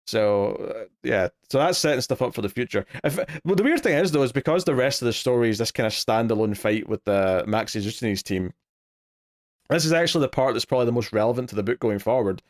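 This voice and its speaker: Man, podcast co-host, casual, rambling, hesitant restarts, mid pitch. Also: expressive, fast. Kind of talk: casual comic book discussion.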